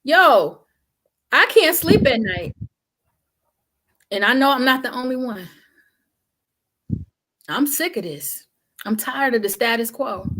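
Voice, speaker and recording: A woman's voice: a little high, normal speed, pauses often, fairly bright tone. A woman guest talking in an impassioned, emphatic, colloquial way, like a preacher. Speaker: guest speaker. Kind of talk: impassioned conversation.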